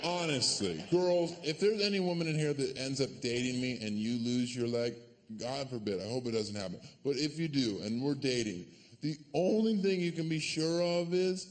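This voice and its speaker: A man performing stand-up comedy on a club stage, with sardonic, deadpan delivery broken by sudden yelled punchlines. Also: on the high side, moderate pace, big-room sound, slight background noise.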